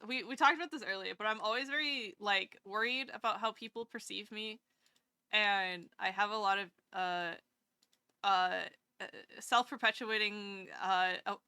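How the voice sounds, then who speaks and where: A woman's voice: mid-range voice, sharp tone, smooth, no room sound, clean studio sound. A woman VTuber streamer chatting casually with her viewers live, rambling and self-deprecating, gushing over kind messages.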